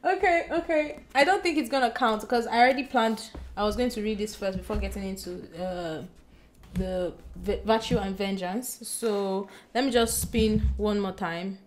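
A woman chatting excitedly to her camera as a book vlogger, bubbly and giggly, gushing as she goes. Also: mid-range voice, normal speed. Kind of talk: excited casual vlog chat. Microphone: compact camera mic.

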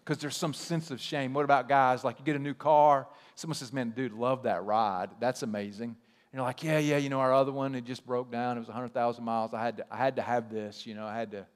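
A male pastor giving a conversational sermon, telling stories with a joking, animated manner in a church sanctuary. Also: mid-range voice, fairly quick, long reverb tail. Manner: conversational, animated storytelling with self-deprecating humor.

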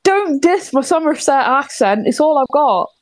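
A woman's voice: sits high, expressive, normal speed. A woman gaming streamer chatting casually with a guest, teasing and laughing often. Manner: giggly, teasing banter.

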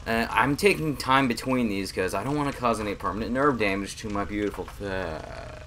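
A man giving jokey, self-mocking let's-play commentary, yelping and shouting at the game as he plays into a desk mic. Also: fairly low pitch, moderate pace, slight background noise. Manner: excitable, yelps and shouts at the game. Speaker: gamer streaming a challenge video. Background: game music.

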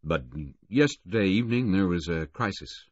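A man reading the part of a middle-aged racing official in an audiobook, earnest and steady. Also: deep voice, no room sound, lo-fi sound. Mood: grieving. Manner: earnest, halting when grieving.

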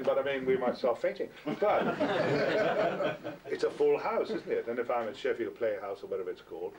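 An older man spins wry, self-mocking stories with a theatrical flair, his pitch rising and falling in lively swoops. He is caught from a distance on an amateur recording, with a faint hiss underneath. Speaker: guest actor answering fans. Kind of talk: anecdotal storytelling. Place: small packed venue, indoors.

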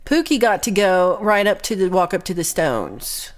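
A woman's voice: mid-range voice, very animated, normal speed. A young woman chatting casually with her livestream viewers, reading their comments aloud in a rambling, playful way with lots of ums and little laughs.

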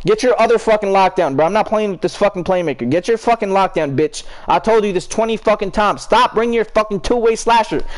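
A young man with a fairly high voice calls out teammates mid-game in heated, cursing trash talk. Between plays he greets his chat and answers viewers, still swearing through it. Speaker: streamer. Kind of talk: live gameplay commentary and chat talk.

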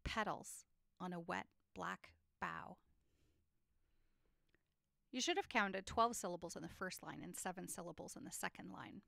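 A woman teaching a lesson on poetry structure, explaining clearly and reading poems aloud with feeling. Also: on the low side, a little slow, pauses often, pushed and bright, no room sound, clean studio sound.

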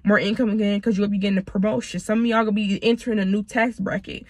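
A woman's voice: medium pitch, flat delivery, quick pace, darkish tone, no room sound. A woman in her twenties from Michigan, doing a casual tarot reading, blunt and profane, talking to viewers as y'all while she is sick. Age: 20s. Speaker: tarot reader.

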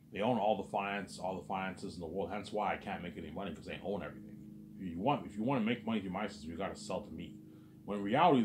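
A man's voice: low-pitched, a little mellow, slight background noise. A man delivering a rambling, agitated vlog monologue, repeating "obviously" and "man" and swearing often. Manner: repetitive, peppers speech with "obviously" and "man". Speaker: vlogger.

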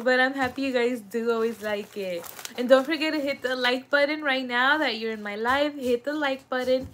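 A woman with a high, bright-sounding voice talks straight to her viewers on a live stream. She is chatty and emotional and laughs often, in an easy, casual way. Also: moderate pace, few pauses, slight background noise. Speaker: vlog host.

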